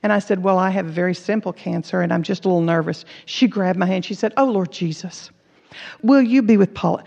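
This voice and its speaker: This Bible teacher's voice is lowish, steady, a little fast, creaky, and somewhat mellow. Preaching earnestly, she recounts personal stories and acts out what people said in them, captured in an echoey hall with dull lo-fi audio.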